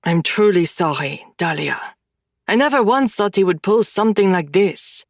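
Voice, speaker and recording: A woman reading an audiobook voices a suave, sardonic French male friend, pitched lower than her own voice. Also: expressive, normal speed, vocal fry, no room sound, studio quality, full character voice. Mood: teasing. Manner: playful, sardonic.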